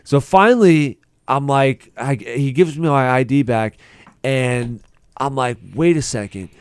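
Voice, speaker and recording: A man's voice: mid-range voice, measured pace, clear, resonant tone, no room sound. A man co-hosting a podcast, telling a profane bar story in casual chat. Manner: profane, animated anecdote teller. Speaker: podcast co-host.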